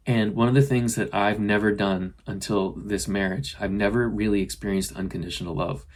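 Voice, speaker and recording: A middle-aged man, host of a spiritual podcast, talking earnestly and gently about self-love, often voicing his own inner dialogue. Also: fairly low pitch, husky. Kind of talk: casual spiritual self-help talk.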